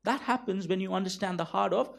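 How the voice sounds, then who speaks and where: A man's voice: sits high, fast, gravelly. A man preaching a sermon, emphatic, constantly asking the congregation rhetorical questions and leaning on "you know" and "right?". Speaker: pastor.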